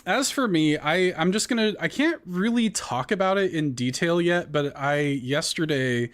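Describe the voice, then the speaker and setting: Chatty man with a slightly high voice. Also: a bit bright. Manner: rambling, halting with fillers and restarts. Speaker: podcast co-host. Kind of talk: casual chat.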